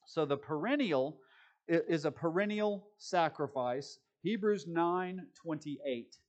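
A man preaching a sermon, moving between quick conversational asides and slow, deliberate scripture reading. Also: on the high side, muffled recording. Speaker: pastor.

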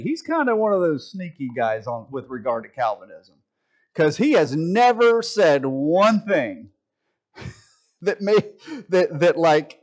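A man, likely a pastor, giving a conversational preaching rant, emphatic and full of restarts, swinging between loud declarations and quiet asides. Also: a little high.

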